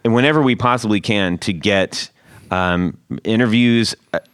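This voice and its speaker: A man's voice: on the low side, moderate pace, fairly bright tone, smooth, no echo, studio quality. A man hosting a podcast in casual chat, joking and rambling, often laughing. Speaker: podcast host.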